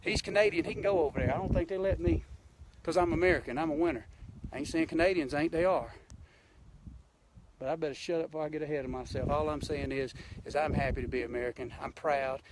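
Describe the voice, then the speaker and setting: A Georgia man with a Southern accent, who hosts a hunting show, talks fast in a voice on the high side amid background noise. He's ranting bluntly and folksily with passion on a live stream from a mountain, filmed on a handheld phone.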